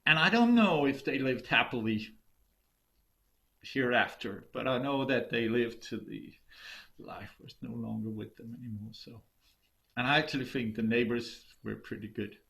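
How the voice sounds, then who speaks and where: A man telling a folk tale over a video call, dramatic and shifting between loud and hushed delivery. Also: mid-range voice, normal speed, gravelly. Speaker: storyteller. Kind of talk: oral folk storytelling.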